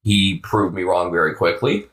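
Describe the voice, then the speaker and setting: An American man co-hosting a podcast, talking about football in a relaxed, offhand way with the odd swear. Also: low voice, normal speed. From United States. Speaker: podcast co-host. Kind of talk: casual sports chat.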